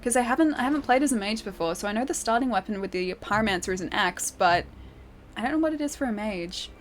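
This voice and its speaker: A woman's voice: medium pitch, lively intonation, fast, a little hiss or hum. A young Australian woman chatting casually while livestreaming a game, giggling often and answering her chat. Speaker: streamer. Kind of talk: live game stream chat.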